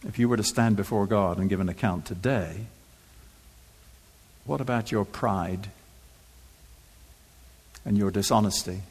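A man's voice: fairly low pitch, unhurried, pauses often, breathy edge. A man preaching a sermon in church, emphatic and rhetorical, repeating phrases for effect with touches of dry humor.

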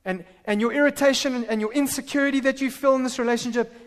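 High-voiced man preaching in a reverberant hall. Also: fast. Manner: animated preaching with frequent stammered restarts. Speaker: pastor. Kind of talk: sermon.

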